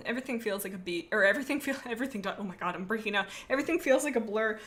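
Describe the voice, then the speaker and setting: A woman's voice: mid-range voice, lively intonation, very fast, fairly bright tone. A young woman streaming live, chatting and rambling in a bubbly way as she reacts to her chat.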